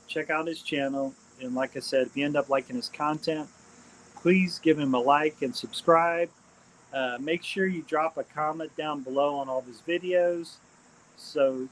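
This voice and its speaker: A man hosting a casual live stream, rambling and repeating his shout-outs with many ums and uhs. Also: a little high, a little hiss or hum, poor audio. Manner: hesitant, frequent ums and uhs.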